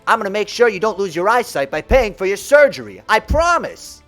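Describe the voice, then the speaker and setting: Give me a man playing a brash cartoon teen from Brooklyn, pitched up and loud. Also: very animated, fairly quick, soft background music. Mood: determined. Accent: Brooklyn put-on. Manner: brash, earnest vow. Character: scrappy teenage boy duelist, loyal big brother.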